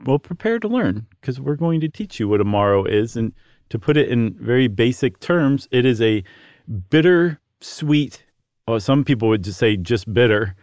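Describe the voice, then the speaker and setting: A man's voice: mid-range voice, lively intonation, normal speed, a little mellow, dry recording, studio quality. A man co-hosting a podcast, explaining at length in a friendly, casual way with fillers. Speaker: podcast co-host.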